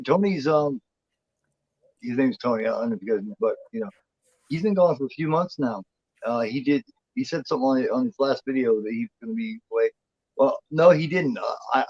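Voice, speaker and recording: A man's voice: mid-range voice, darkish tone, no room sound, highs cut off. A man co-hosting a horror movie chat show, rambling and swearing freely in casual talk. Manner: rambling, swears freely, voices the cat in a playful drawl.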